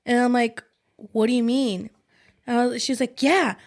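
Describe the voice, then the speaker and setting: Woman, higher voice, casual podcast storytelling, code-switching. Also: a little slow. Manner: switches between English and Spanish mid-sentence, animated quoting of others. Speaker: podcast co-host.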